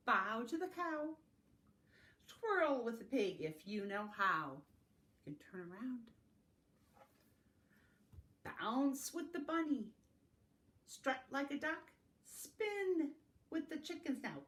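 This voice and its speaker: A woman reading farm-animal picture books aloud to young children in a slow, sing-song storytime manner, adding animal sounds along the way. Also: on the high side, very animated, a bit bright. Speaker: family literacy facilitator. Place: home, recorded for an online circle.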